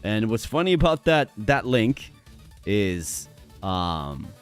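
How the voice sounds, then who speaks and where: A man with a hoarse voice, chatting energetically with viewers during a live stream. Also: lowish voice, sing-song, takes it slowly, faint music behind.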